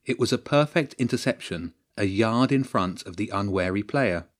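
A man narrates a story in a low, steady voice. His reading is measured and even, in the manner of an audiobook.

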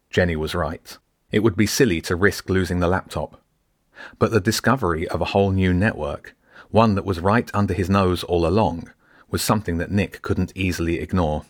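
Author-narrator, deep male voice, measured audiobook read, dry close sound. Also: no room sound. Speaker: author reading own book.

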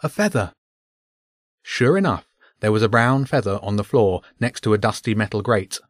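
A man narrating a children's storybook in a steady, even reading voice. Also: lowish voice, fairly quick.

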